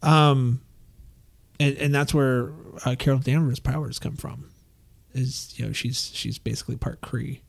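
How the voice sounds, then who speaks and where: A man's voice: mid-range voice, steady tone, a little slow, gravelly. A man casually recapping a comic book story, rambling with many fillers and restarts and acting out the characters' quotes.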